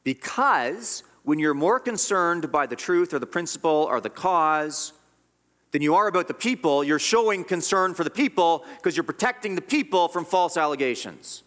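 A man's voice: a little high, expressive, moderate pace, a bit bright. A man preaching a sermon as pastor, earnest and emphatic, often repeating and restarting his words.

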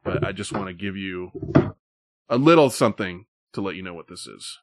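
A man's voice: low voice, animated, fairly quick, dry recording, studio quality. A man hosting a casual live stream, talking in a loose, rambling, profane way. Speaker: host.

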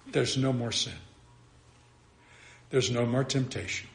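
A man's voice: mid-range voice, steady tone, slow pace. Earnest preacher man in an echoey hall. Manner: earnest, emphatic, with repetitions and restarts. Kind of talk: sermon.

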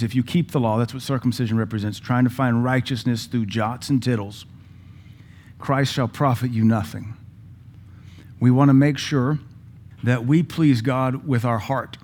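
A man's voice: medium pitch, a little mellow. A male pastor, preaching a sermon in a conversational, folksy way with asides to the congregation. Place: church.

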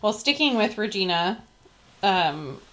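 A woman's voice: mid-range voice, a little slow. Woman casually leading a podcast chat. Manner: relaxed, leads the rundown, frequent "like" and "um". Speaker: podcast co-host.

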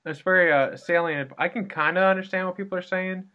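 A man's voice: high-pitched, steady tone, fairly quick, pushed and bright, highs cut off. A man hosting a casual podcast interview, friendly and rambling, who laughs often. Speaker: podcast host.

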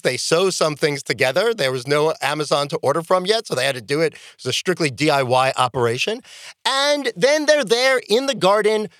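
An enthusiastic rabbi hosting a podcast and telling a story. His voice is high for a man, and his pitch swings widely. The recording is dry and close. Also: no room sound. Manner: animated, enthusiastic.

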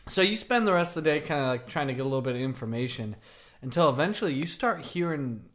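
A man narrating a tabletop game as game master, relaxed and halting with fillers. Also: on the high side.

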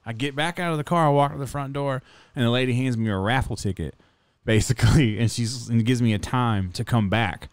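Profane, animated man telling stories. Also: mid-range voice, brisk, dry recording. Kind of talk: casual storytelling chat.

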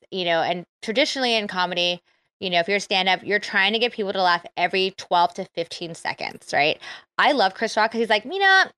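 A woman comedian, a guest on an online audio show, chatting casually, energetic and loud, swearing freely. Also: medium pitch, smooth, dry recording. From Filipino heritage. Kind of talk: casual chat. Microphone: phone.

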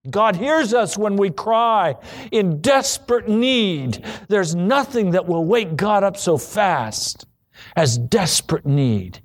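A man preaching a sermon, acting out pleading prayers and quoted voices, then dropping low for repeated refrains. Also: lively intonation, takes it slowly.

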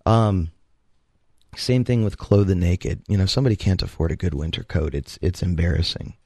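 A man co-hosting a radio talk show, telling a story in a casual, animated way and acting out the voices he quotes. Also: deep voice, brisk, dry recording, clean studio sound.

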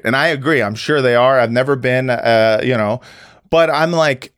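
A man hosting a comedy podcast, joking loudly and laughing, often slipping into silly put-on voices, with lots of swearing. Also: mid-range voice, moderate pace, smooth, no room sound, clean studio sound. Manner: animated, laughing, profane, slips into joke voices. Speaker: podcast host. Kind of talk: casual comedic chat.

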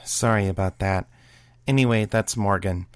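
A man reading the part of a blunt, no-nonsense female homicide detective, brisk and exasperated. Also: fairly low pitch, clean tone, dry recording, close to an everyday voice. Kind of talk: audiobook reading of a serial story.

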